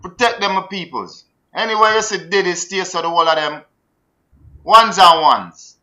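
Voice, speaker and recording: A man with a Jamaican accent holds forth as a podcast host, his voice high and strikingly bright. He rants in animated, patois-laced commentary, often repeating words as he builds a point. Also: moderate pace, dull audio. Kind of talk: heated casual commentary.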